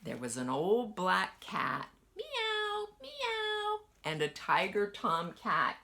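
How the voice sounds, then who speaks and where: A woman kindergarten teacher gently reading a picture book aloud to children and asking them questions as she goes. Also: low-pitched, gravelly. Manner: slow, lively sing-song storytelling.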